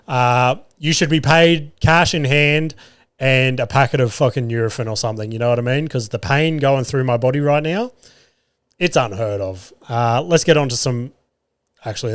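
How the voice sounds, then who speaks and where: A man's voice: medium pitch, smooth, no echo, clean studio sound. An Australian man hosting a podcast and telling a rambling story in a casual monologue, swearing often. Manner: swears a lot, rambling and animated. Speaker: podcast host.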